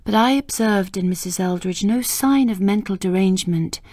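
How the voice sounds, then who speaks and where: A woman narrating a ghost story audiobook in a measured, unhurried way. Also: medium pitch, darkish tone, no echo, studio quality.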